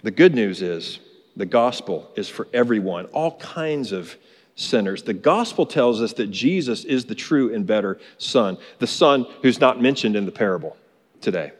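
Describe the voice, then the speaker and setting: A man's voice: lowish voice, expressive, normal speed. A man preaching a sermon as pastor, earnest and emphatic, repeating his key phrases. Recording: long reverb of a large hall.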